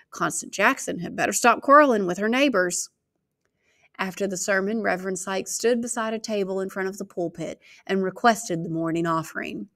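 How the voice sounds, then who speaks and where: A woman reading a novel aloud in a steady narrating manner. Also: mid-range voice. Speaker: reader.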